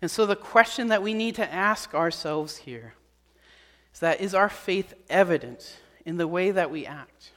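Male pastor, high voice, earnest sermon delivery, long reverb of a church hall. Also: lively intonation, measured pace, fairly bright tone. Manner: earnest, repeats key points, small restarts.

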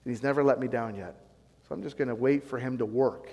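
A man preaching a sermon as pastor, asking the congregation questions and answering them, with swings between loud and quiet emphasis. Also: medium pitch, quick pace, husky, big-room sound. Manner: call-and-response preaching, rising and falling emphasis.

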